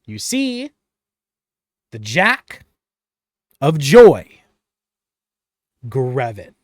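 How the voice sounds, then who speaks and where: A game master narrating a tabletop game in a playful, lively way, likely recorded at home over an online voice call. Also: medium pitch, extremely slow, no echo, studio quality.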